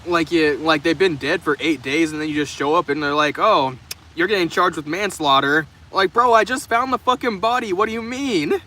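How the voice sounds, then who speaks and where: With hardly any pauses, a young man talks fairly quickly in a bright, forceful voice on the high side. He's streaming live from his car's open trunk in the rain, casually and profanely rambling through replies to viewer comments and restarting sentences often. Faint rain and traffic go by in the background.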